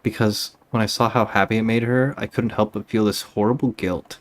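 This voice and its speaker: A man's voice: on the low side, steady tone, brisk, natural voice. A man reading aloud for a nervous young boyfriend in a video game, stammering and sheepish. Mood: guilty.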